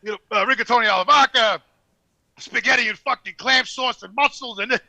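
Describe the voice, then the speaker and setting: A man's voice: extremely high pitch, brisk, no room sound. An older man telling long, rambling, profane stories in casual podcast chat. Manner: loud, profane, rambling anecdotes. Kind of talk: casual storytelling.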